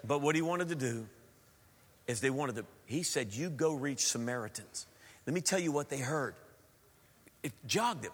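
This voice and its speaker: A man preaching a sermon as pastor, animated with playful asides. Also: medium pitch, normal speed, long pauses. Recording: long hall reverb.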